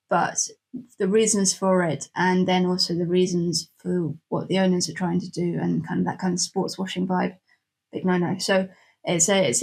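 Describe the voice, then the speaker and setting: A woman's voice: fairly low pitch, darkish tone. A woman co-hosting a football podcast, thinking aloud in a thoughtful, hedging way. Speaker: podcast co-host. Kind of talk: casual football podcast chat.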